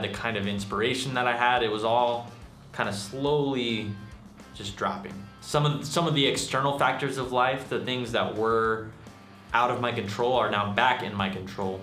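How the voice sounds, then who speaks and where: A man's voice: mid-range voice, sharp tone. Rambling young man in an echoey room. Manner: rambling and self-deprecating, with many fillers. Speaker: channel host and musician. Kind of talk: casual vlog update. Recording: echoey room with faint music.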